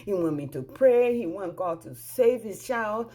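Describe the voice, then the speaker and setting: A woman's voice: mid-range voice, animated, unhurried, dark tone, slightly rough. A woman telling a personal story in a casual monologue, emotional and dramatic, sighing and exclaiming as she acts out the dialogue.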